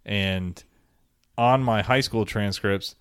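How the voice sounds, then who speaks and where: A man's voice: on the low side, takes it slowly, clean tone, dry recording, studio quality. A man in casual chat, chiming in with wry, teasing remarks.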